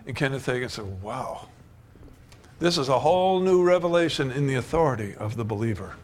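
A man's voice: medium pitch, expressive, brisk. An older man preaching a sermon, telling stories and building to emphatic declarations. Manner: storytelling, rising to emphatic preaching.

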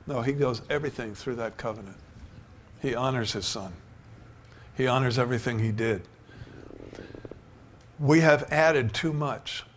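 A man's voice: medium pitch, unhurried, long pauses, a little hiss or hum. An older man preaching a sermon, telling stories and building to emphatic declarations. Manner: storytelling, rising to emphatic preaching.

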